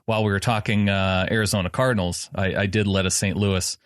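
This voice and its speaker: Man, podcast host, casual sports chat, halting restarts, dry close sound. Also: fairly low pitch, fairly even intonation, no echo. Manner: halting, restarts often, self-deprecating.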